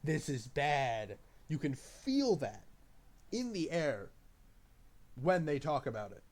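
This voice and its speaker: A man's voice: on the high side, wildly swooping pitch, takes it slowly, a little mellow. A man reviewing a film off the cuff, rambling loosely, swearing often and breaking into enthusiastic bursts. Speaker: movie reviewer. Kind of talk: casual unscripted review.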